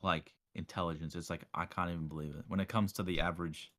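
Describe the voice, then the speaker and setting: A young Australian man hosting a casual streamed chat, animated and jokey, laughing often. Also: low voice, fast talker. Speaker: streamer host.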